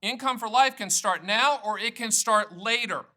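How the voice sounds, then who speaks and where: Upbeat bright-voiced folksy older man. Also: high-pitched, normal speed. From North Carolina. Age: 60s. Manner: folksy, jokey salesman patter with self-promotion. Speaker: annuity agent hosting his channel. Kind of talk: direct-to-camera explainer.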